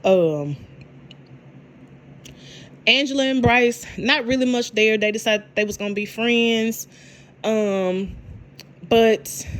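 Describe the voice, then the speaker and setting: Animated woman in her thirties recapping. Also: mid-range voice. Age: 30s. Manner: animated storyteller, repeats herself, acts out quotes. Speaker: reality TV recap vlogger. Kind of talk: casual reality show recap.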